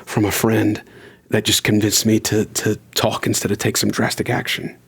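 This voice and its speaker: Gravelly, husky-voiced man talking earnestly. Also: on the low side, completely flat delivery. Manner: earnest, conversational, speeds up and slows down for emphasis. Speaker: podcast host. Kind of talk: solo podcast monologue.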